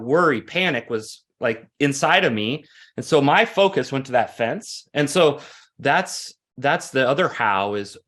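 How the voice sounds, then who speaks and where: Earnest man coaching through stories. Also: medium pitch. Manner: earnest, repetitive restarts, animated storytelling. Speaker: guest, coach. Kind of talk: conversational interview storytelling.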